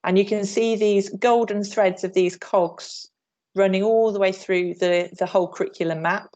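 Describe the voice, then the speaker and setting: Leading a teacher workshop over a video call, this English PE trainer stays upbeat and shows moves as she speaks. Her voice sits in the mid range with fairly even intonation, a moderate pace, a darkish tone, and lo-fi audio.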